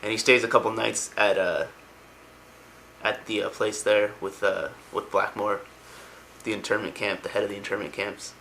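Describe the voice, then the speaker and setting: A young man talks through a story in a loose, rambling way, full of enthusiasm and slangy asides. His voice sits a bit low but comes across bright and forceful. A faint hiss of noise sits behind him. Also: flat delivery, normal speed, gravelly, rough recording. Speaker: lore explainer. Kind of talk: casual spoken retelling.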